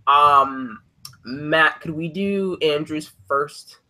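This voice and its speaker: A man's voice: a little high, drawn-out words, bright, forceful tone. A man hosting a casual podcast chat, rambling with many fillers and hesitations. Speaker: podcast host.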